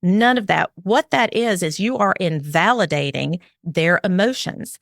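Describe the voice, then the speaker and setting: A woman's voice: lowish voice, lively intonation, measured pace, gravelly, a bit bright, no room sound, studio quality. A middle-aged woman, a parenting expert, talks earnestly in an interview and explains her advice, acting out what a parent might say. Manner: earnest and explanatory, acts out parent and child lines.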